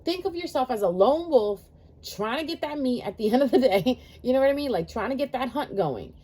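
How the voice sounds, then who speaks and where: A woman's voice: high-pitched, expressive, a little fast, warm tone, slightly rough. A woman giving a blunt, profane and passionate horoscope talk as a tarot reader. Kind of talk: casual horoscope monologue.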